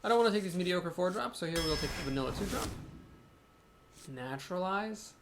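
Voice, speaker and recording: A game video host chats casually over his card game, thinking aloud and poking fun at himself. His voice is high-pitched, animated, and fairly quick, with noise in the background.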